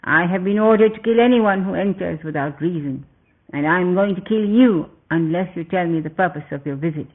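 A man voicing a fierce, gruff female demon gatekeeper in a storybook reading, over a tinny phone-like recording. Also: sits high, moderate pace. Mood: demanding. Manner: gruff and commanding.

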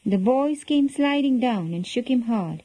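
A woman reading a children's story aloud in a gentle, expressive storytelling manner. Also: fairly high pitch, measured pace, slightly rough, no echo, rough recording.

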